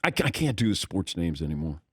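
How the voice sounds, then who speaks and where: A man's voice: low-pitched, very animated, fast, breathy edge, no echo, studio quality. A man hosting a sports talk show, chatting casually with his crew, upbeat and often laughing. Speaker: show host. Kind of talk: casual studio banter. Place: radio studio.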